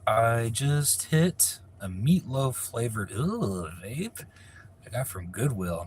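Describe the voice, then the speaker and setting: A man's voice: mid-range voice, sing-song, slow, a little hiss or hum. A man from California chatting casually on a live stream, reading viewer questions aloud and answering in a rambling, profane way. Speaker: livestreamer answering viewer chat.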